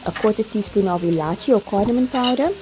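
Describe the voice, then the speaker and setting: A woman's voice: medium pitch, fast talker, background noise. A woman giving a chatty, step-by-step cooking tutorial voice-over. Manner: chatty, step-by-step instructions with light laughs. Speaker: cooking vlogger. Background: background music.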